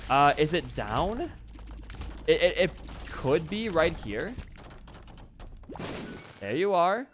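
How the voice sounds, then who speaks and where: A young man casually commentating his own gameplay, excitable and swearing freely as he talks at the game. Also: a little high, slow pace, slight background noise. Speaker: gaming channel host.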